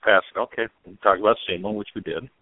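A man co-host tells jokes and banters loosely on a custom motorcycle radio show, often restarting his sentences. His voice sits on the low side. The sound is dry and narrow, like a phone line. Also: fairly even intonation, quick pace, dry recording. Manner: joking, stumbling restarts. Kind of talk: casual chat, telling jokes.

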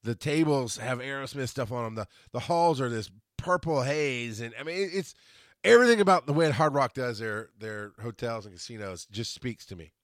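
A man in his forties rambles through a casual solo monologue. He keeps restarting and correcting himself, and he gets animated when he quotes other people. His voice sits in an ordinary middle register and sounds dry and close. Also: mid-range voice, moderate pace, dry recording. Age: 40s. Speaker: podcast host.

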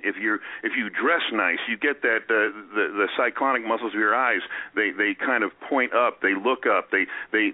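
A man who is a guest on a radio talk show, talking in an animated way and acting out the voices he quotes. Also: mid-range voice, no room sound. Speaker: guest speaker. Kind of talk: radio interview. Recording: tinny phone-line radio sound.

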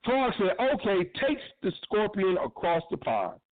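A man's voice: high-pitched, wildly swooping pitch, a little slow, no room sound. A man hosting a radio show, giving blunt, profane, impassioned commentary. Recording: tinny phone-line sound.

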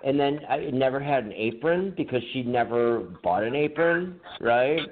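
This man co-hosts a podcast and relates a rambling, profane tale while laughing, in an easygoing conversational way. His voice is medium-pitched, animated, and at normal speed, coming through a tinny phone-like line with light hiss.

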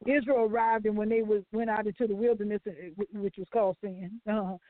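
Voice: medium pitch, fairly even intonation, fairly quick. A gospel talk show co-host speaks in an emphatic, preaching way, rambling and repeating words, with loose, informal grammar. The voice comes through a thin, phone-like line. The sound is dry, with no room echo. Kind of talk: preaching-style commentary.

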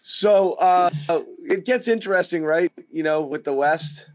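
A man's voice: sits high, measured pace, dry recording, poor audio. A man hosting a sports podcast panel, teasing his guests and repeating words as he talks. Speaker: podcast host.

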